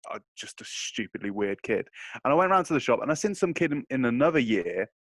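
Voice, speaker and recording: A young man, telling stories in a slangy, animated way during a casual podcast chat. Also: medium pitch, brisk, no echo. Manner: animated storyteller, slangy, laughs through his telling. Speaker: podcast co-host.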